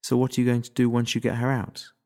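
A grim, unshaken young woman warrior who speaks in a formal, blunt way, as a male narrator puts her on. Her voice sits somewhat higher than his usual low tone, and she delivers her lines evenly and matter-of-factly. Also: monotone, fast talker, warm tone, natural voice. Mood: stern. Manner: formal and blunt, without contractions.

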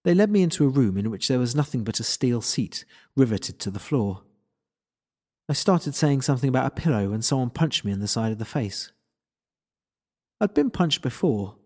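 A man's voice: mid-range voice, expressive, moderate pace, dark tone. A man narrating a first-person story in a wry, self-deprecating way.

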